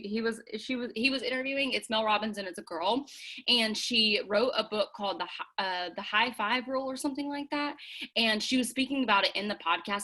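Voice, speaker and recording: Young woman, bright voice, chatty, filler-heavy, encouraging team leader. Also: medium pitch. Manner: casual, chatty, lots of "like"; encouraging, earnest. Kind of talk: motivational team call. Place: home.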